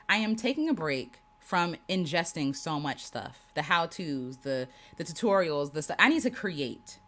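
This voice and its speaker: A woman talks straight to her livestream viewers as a creative coach. She is affirming and animated, repeats her key lines for emphasis, and laughs easily, with a lively, swooping pitch. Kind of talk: casual livestream talk.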